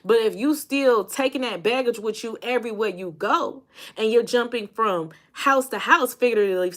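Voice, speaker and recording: A fairly high-voiced woman from Indiana talks to her viewers in a casual, motivational vlog. She is emphatic, leans on repeated phrases and says y'all, speaking as a life coach. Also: moderate pace, fairly bright tone. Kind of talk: casual motivational talk to camera.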